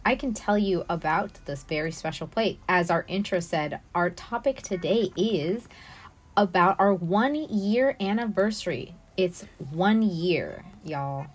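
A woman's voice: on the low side, unhurried. A woman co-hosting a podcast, chatting casually while playing a video game, giggling often and talking expressively. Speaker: podcast co-host.

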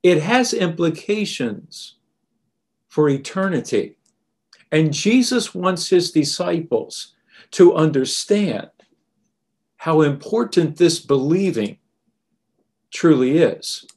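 A man preaching a sermon in a deliberate, emphatic way. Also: fairly high pitch, lively intonation, a little mellow.

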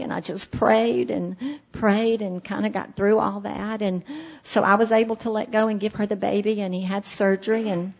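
A middle-aged woman tells her own story at a meeting, earnest and heartfelt. Her voice sits at an ordinary pitch for a woman. The recording is dull and lo-fi. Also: steady tone, moderate pace, creaky. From Alabama, USA. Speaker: speaker sharing her recovery story. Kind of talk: personal testimony at a meeting.

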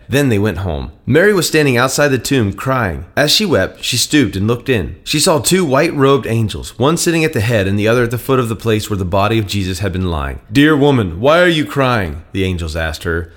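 Casting note: male host, daily Bible reading, lively expressive delivery, mid pitch. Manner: expressive reading, lifts his voice for quoted speech. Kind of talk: reading scripture aloud with commentary.

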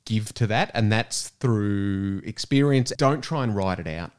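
A man's voice: fairly low pitch, animated, measured pace, smooth. Earnest man giving blunt advice. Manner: earnest, short direct advice. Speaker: podcast co-host. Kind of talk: casual chat.

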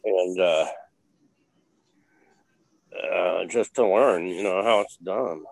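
Give me an older man with a low voice rambling through anecdotes in a dry, close recording. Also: slow pace, vocal fry, no echo, rough recording. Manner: rambling, many fillers, blunt with swearing. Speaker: interview guest, former film crew member. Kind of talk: casual interview storytelling.

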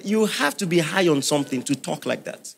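A man's voice: on the high side, lively intonation, fairly quick, creaky, slightly rough. A man preaching a sermon as pastor, emphatic and firing questions at the congregation.

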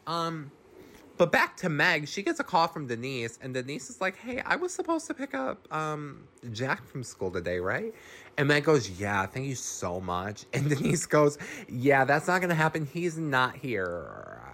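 A man casually recapping a horror film as a host, animated and chatty, acting out the characters' lines between narration. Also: mid-range voice, measured pace. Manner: animated, swears and laughs, acts out characters' lines.

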